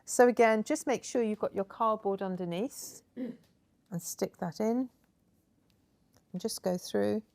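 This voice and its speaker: Taking it slowly with frequent pauses and some vocal fry, a woman leads a craft project at an indoor table in a middle-pitched voice. As a hands-on tutor she's chatty, encouraging and warm with praise, and she explains each step plainly.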